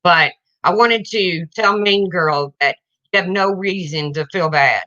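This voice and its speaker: A woman's voice: on the low side, measured pace, pushed and bright, dull audio. A woman livestreaming to her viewers, ranting in an indignant, confrontational way and addressing them directly.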